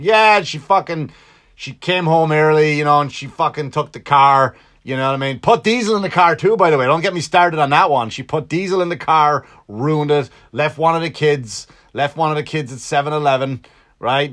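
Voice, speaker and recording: A man's voice: on the high side, a bit bright. An Irish man hosting his own podcast, rambling casually with profanity and self-mocking jokes. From Ireland. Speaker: podcast host. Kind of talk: casual solo podcast monologue, comedic. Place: Long Island home.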